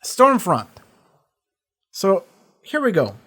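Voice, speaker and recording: A casual reaction host rambles in loose, looping sentences, often doubling back on his own words. He speaks at a medium pitch and normal speed, animated throughout, and drops curse words freely and often.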